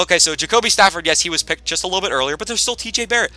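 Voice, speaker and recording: A man giving casual, rambling gameplay commentary as he plays, with sudden loud bursts of hype. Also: high-pitched, expressive, fast, few pauses. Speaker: gaming commentator.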